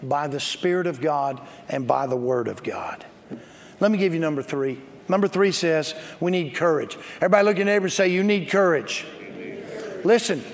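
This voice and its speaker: A man's voice: fairly high pitch, gravelly. A man preaching a sermon as pastor, emphatic and calling for responses from the congregation, with joking storytelling asides. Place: church sanctuary. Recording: long hall reverb.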